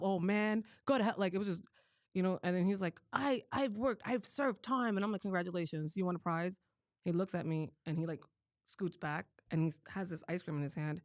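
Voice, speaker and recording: A woman's voice: fairly low pitch, fast talker, no room sound, clean studio sound. A young woman co-hosting a podcast, telling a story in casual chat and acting out the quotes. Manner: animated, acts out quotes with voices. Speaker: podcast co-host.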